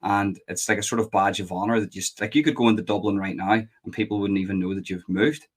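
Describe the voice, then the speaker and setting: A man's voice: lowish voice, fairly even intonation, quick pace, breathy edge. A man hosting a casual interview, asking curious questions with some stammering restarts. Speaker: interview host.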